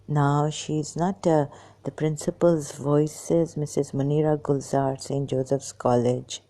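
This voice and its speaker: An exhausted woman talking into a hand-held phone in a halting, hesitant way, often slipping into whispers. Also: extremely low pitch, gravelly, mellow. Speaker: vlogger. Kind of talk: personal monologue to camera.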